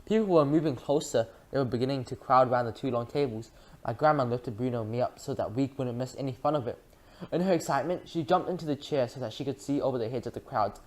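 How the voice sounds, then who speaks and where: A reader narrating a children's book aloud in a lively way, with frequent slips and restarts. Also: mid-range voice, fast.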